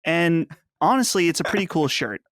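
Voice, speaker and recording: A man's voice: a little high, lively intonation, moderate pace, a bit bright, no room sound, studio quality. A man co-hosting a podcast, talking in an earnest, rambling, mock-solemn way. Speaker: podcast co-host. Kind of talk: casual chat.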